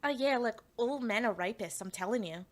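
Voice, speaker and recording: A woman's voice: on the high side, animated, brisk, natural voice. Girl doing a preachy australian feminist lady, blunt, lecturing. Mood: indignant.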